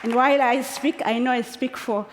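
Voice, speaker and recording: In a large conference hall with long reverb, background noise and a crowd audible, a Kenyan woman in her forties speaks at a moderate pace in a high-pitched voice with fairly even intonation. Her unscripted personal speech is passionate and emphatic. She's close to tears and laughs between phrases.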